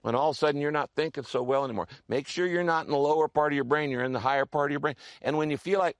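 A man's voice: fairly high pitch, quick pace, hardly any pauses, no room sound, clean studio sound. A man preaching a sermon in a conversational teaching manner, often repeating himself and checking in with his listeners. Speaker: pastor.

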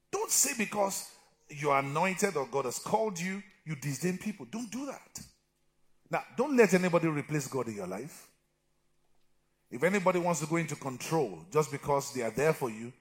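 A middle-aged man preaching a sermon as pastor, swinging from loud shouted exhortation to low, quiet talk and calling for amens from the congregation. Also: sing-song, normal speed, long pauses. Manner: calls for amens and answers from the congregation.

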